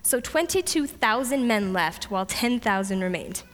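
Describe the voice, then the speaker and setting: A woman's voice: on the high side, moderate pace. Woman preaching in a reverberant hall. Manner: lively storytelling, voices God and Gideon playfully. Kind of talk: sermon.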